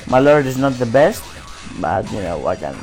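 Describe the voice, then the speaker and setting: A man's voice: medium pitch, big pitch swings, normal speed, a little mellow, faint music behind, low-quality recording. A man reading on-screen game text aloud while casually commenting on his play, often hesitating and restarting.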